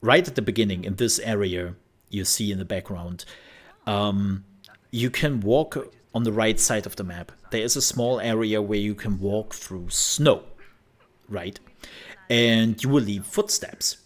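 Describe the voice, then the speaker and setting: Male gaming host, lowish voice, lively storyteller. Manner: animated storyteller who laughs and acts out scenes. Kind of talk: casual commentary over gameplay.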